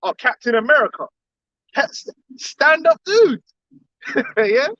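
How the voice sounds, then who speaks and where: A man's voice: very high-pitched, sing-song, slow pace, pushed and bright, no room sound. A man giving an impassioned lecture to a group. He talks emphatically, repeats words and keeps firing off rhetorical questions. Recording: dull, dry recording.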